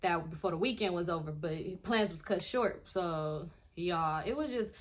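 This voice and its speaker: A young woman vlogger telling a story in a casual, animated and profane way, often sounding indignant. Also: fairly low pitch, moderate pace.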